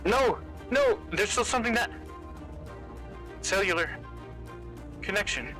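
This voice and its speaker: A man's voice: sits high, expressive, measured pace, music in the background, voice pushed up. A man voicing a young woman from the future who speaks urgently through a taxi radio, in a put-on radio-style voice. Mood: panicked.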